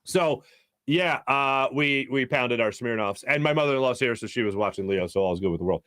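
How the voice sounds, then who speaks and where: A man's voice: medium pitch, brisk, clean tone, dry recording. A man in his thirties with a Philadelphia accent, hosting a sports talk show and telling rambling stories full of restarts. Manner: rambling storyteller, energetic, many restarts. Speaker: sports radio host. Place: radio studio. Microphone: studio microphone.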